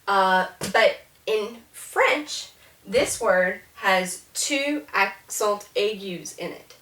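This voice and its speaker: A woman's voice: medium pitch, lively intonation, slow, a bit bright, distant mic, slight background noise. Woman teaching French in an echoey room. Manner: chatty, repeats words to model pronunciation. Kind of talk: classroom lecture.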